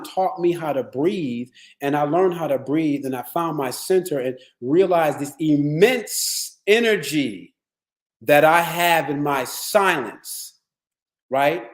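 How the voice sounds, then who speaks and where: A man with a fairly high voice gives a motivational wellness talk. He tells stories in an animated, streetwise way, with plenty of swearing. His voice rings around a roomy, echoey space. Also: a little slow. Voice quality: streetwise, profane, animated storytelling. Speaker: wellness speaker. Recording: echoey room.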